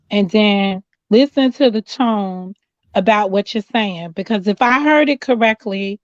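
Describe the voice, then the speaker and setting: A woman on a live panel, calmly explaining in a slow, measured way. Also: fairly high pitch, dry recording, muffled recording. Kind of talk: calm panel discussion.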